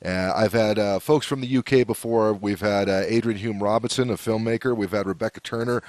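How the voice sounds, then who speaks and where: An American man hosts a podcast in a loose, rambling, chatty way. His voice sits low, and the recording is dry and close with no room sound. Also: steady tone, brisk, darkish tone, no room sound. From United States. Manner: loose and chatty, many fillers and restarts. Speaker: podcast host. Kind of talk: casual interview chat.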